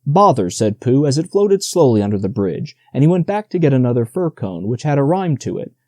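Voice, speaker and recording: A man reading a children's audiobook aloud in an expressive storytelling manner. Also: medium pitch, brisk, no room sound, studio quality. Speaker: audiobook narrator. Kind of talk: scripted narration.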